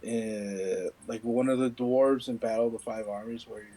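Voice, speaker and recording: A man's voice: mid-range voice, fairly even intonation, normal speed, warm tone, poor audio. A man playing a tabletop game, casual, swearing and thinking aloud over his rolls. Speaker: player.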